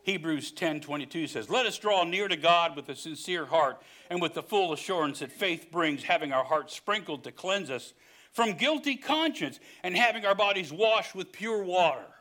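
An older man from West Virginia with a West Virginian accent, preaching a sermon that swings from hushed storytelling to loud, emphatic preaching. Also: on the high side, lively intonation, moderate pace. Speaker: pastor.

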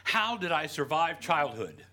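Bright-voiced folksy preacher man. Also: fairly high pitch, wildly swooping pitch, a little slow. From West Virginia. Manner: folksy, joking storyteller with frequent "you know". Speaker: pastor. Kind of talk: sermon.

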